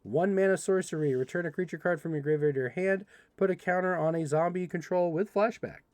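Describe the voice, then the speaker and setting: A young man hosting a livestream, casually reading card text aloud and joking with chat in an animated way. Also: high-pitched, dry recording. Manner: animated, reads card text quickly, playful asides to chat. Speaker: livestream host opening card packs.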